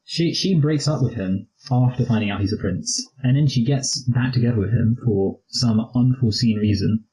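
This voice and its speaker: Poor audio carries a young man's mellow, mid-range voice at a moderate pace as he co-hosts a casual movie review show. He rambles, jokes around, and now and then puts on a posh impression.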